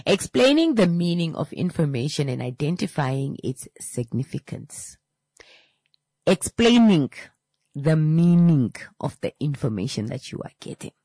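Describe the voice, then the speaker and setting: Woman, 30s, low husky voice, dry close sound; animated teacher who acts out voices and drops slangy asides while teaching. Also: dry recording. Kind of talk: casual lesson with anecdotes.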